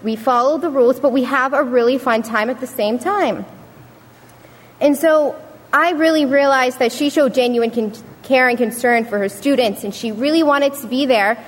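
Young woman, slightly high voice, earnest storytelling speech, reverberant hall. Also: moderate pace. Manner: earnest, storytelling with acted quotes. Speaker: student speaker. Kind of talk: prepared speech to an audience.

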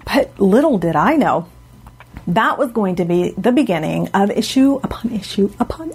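A woman with a breathy, husky voice tells a story to a congregation. She acts out her own reactions, and her voice leaps up high on the punchlines. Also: sing-song, a little slow, darkish tone. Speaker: speaker at a religious gathering.

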